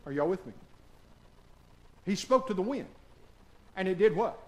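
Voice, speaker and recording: This high-voiced pastor delivers his sermon at a moderate pace with lively intonation. He peppers the congregation with questions in call-and-response style, his lines swinging from quiet to loud.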